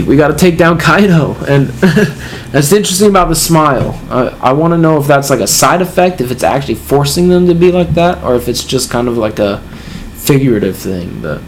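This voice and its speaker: A man's voice: fairly high pitch, a little hiss or hum. A man casually reading a comic chapter aloud and reacting, sighing and chuckling between remarks.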